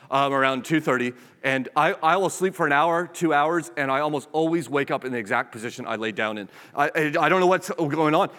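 A man's voice: a little high, fairly bright tone. A man preaching a sermon as pastor, earnest, often repeating words and acting out small quoted scenes. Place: church sanctuary. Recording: long hall reverb.

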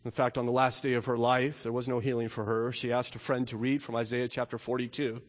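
A man's voice: mid-range voice, level tone. Man preaching in a reverberant hall. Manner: earnest preaching, rising to emphatic questions and dropping to soft, slow storytelling. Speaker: pastor. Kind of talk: sermon.

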